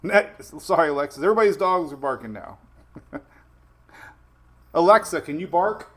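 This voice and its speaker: A man's voice: fairly high pitch, lively intonation, moderate pace, fairly bright tone. A man hosting a casual weather livestream from home, chatty and laughing often while his dogs run around.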